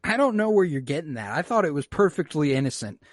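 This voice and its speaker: A man's voice: fairly high pitch, big pitch swings, fast, no room sound, clean studio sound. A young man hosting a casual podcast, recapping an episode in a rambling way full of fillers and swearing. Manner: rambling, swearing, many uh's and likes. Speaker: podcast host.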